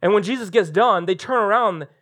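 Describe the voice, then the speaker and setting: High-voiced male pastor preaching live. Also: a little fast. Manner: animated storytelling, acting out quotes in voices. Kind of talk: live church sermon. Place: church sanctuary, recorded live.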